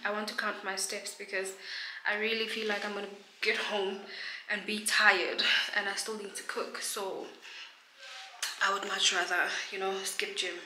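A woman's voice: medium pitch, little pitch movement, normal speed. A woman from South Africa, a realtor, chatting casually to camera in a self-mocking way and often out of breath. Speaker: realtor vlogger. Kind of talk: casual vlog talk to camera. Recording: echoey room with loud background noise.

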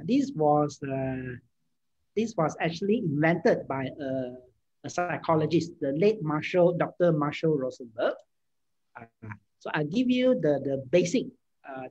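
A man talks through an informal lecture. His voice is husky. He hesitates often and restarts his sentences. The recording sounds dull and lo-fi. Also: fairly high pitch. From Malaysia. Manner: hesitant, many fillers and restarts. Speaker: speaker answering audience questions.

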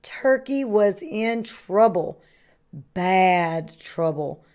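A woman kindergarten teacher reading a picture book aloud to children with slow, expressive storytelling. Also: medium pitch. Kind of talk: children's read-aloud narration.

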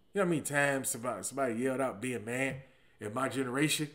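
A man in his forties telling comic stories in a slangy, profane monologue, swinging between loud emphatic bursts and low muttered asides. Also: expressive, very fast. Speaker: comedian. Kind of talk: comedic storytelling monologue.

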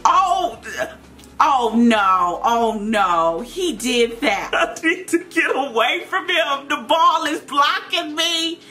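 A woman's voice: high-pitched, animated, slow pace, bright, forceful tone. A young woman giving playful gameplay commentary, dramatic and laughing as she talks to her viewers. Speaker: gaming video creator.

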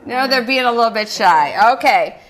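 A woman's voice: a little high, animated, normal speed, fairly bright tone. Woman, older, cooking show host, chatty, encouraging, laughs a lot. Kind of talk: live kids' cooking show.

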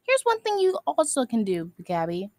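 A woman's voice: high-pitched, huge pitch swings, moderate pace, darkish tone, no room sound. A woman delivering an angry, scolding rant at other video makers, insulting them and circling back to the same phrases. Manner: scolding, insulting, repeats itself.

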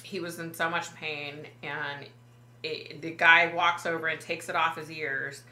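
Low-voiced woman, halting emotional vlog retelling. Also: flat delivery, sharp tone, roomy sound. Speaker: psychic medium vlogger. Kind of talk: personal vlog storytelling.

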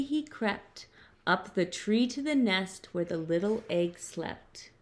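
A woman teacher reading a picture book aloud to her class, with an expressive storytelling delivery. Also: lowish voice, unhurried. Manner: expressive, putting on character voices.

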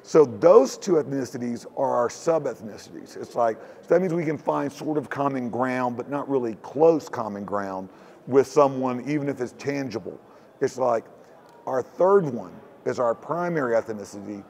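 Gravelly man, rambling talk. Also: medium pitch, a little mellow. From Houston, Texas. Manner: rambling, looping phrasing with frequent "it's like". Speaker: guest. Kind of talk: casual conversational interview. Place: hacker convention floor.

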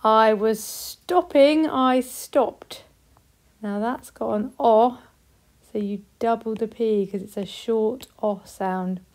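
A woman with a British accent teaching a recorded spelling lesson to young children, speaking slowly and clearly with encouragement. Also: fairly high pitch, a little mellow. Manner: slow, clear, encouraging, models example sentences. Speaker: primary school teacher.

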